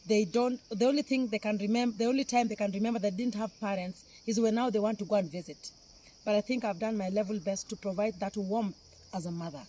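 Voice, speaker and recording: A woman's voice: medium pitch, steady tone, fast, warm tone, slight background noise. A middle-aged woman with a Kenyan accent gives a heartfelt, emotional appeal, repeating phrases for emphasis. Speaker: philanthropist speaking on camera.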